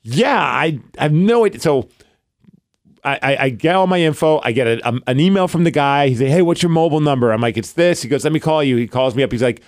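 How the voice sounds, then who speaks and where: A man's voice: a little high, expressive, fast, dry recording, clean studio sound. Man with a New York accent. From Brooklyn, New York. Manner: rambling, acts out quoted dialogue. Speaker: podcast co-host. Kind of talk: casual storytelling chat.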